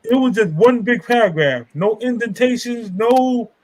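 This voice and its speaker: A man's voice: very high voice, measured pace, rough recording. A man, hosting a live stream and telling his story in a loose, rambling way full of street slang. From New York. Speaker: author and live stream host.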